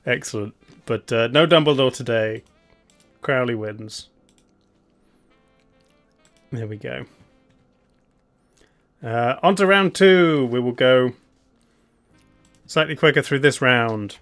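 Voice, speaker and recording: Man, streamer host, slow easygoing chat, chuckling, idle humming, faint background music. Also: mid-range voice, a bit bright. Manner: laid-back, chuckling, hums idly while waiting. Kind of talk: casual live-stream commentary.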